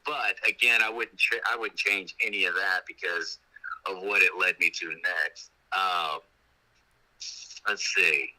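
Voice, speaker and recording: A man's voice: lowish voice, normal speed, bright, forceful tone, poor audio. A man in casual interview talk, telling rambling stories with many restarts. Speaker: actor guest.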